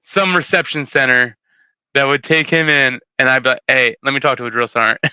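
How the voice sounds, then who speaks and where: A man on a podcast tells a story in a casual, laughing way, acting out what people said. His voice is very bright and crisp, and the sound is dry and close. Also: medium pitch, steady tone, brisk, no echo, poor audio. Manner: storytelling with acted-out quotes, laughing. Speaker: podcast guest. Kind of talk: casual chat.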